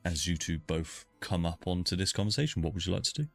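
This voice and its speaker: A man narrating as the game master of a tabletop role-play session, in a relaxed and somewhat hesitant way. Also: deep voice, quick pace, creaky, soft background music.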